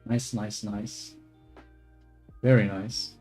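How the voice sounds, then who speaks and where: A man's voice: fairly low pitch, steady tone, drawn-out words, music in the background. A young man streaming his 3D modeling work, thinking aloud in casual chatter, trailing off and correcting himself as he goes. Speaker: livestreamer doing 3D modeling.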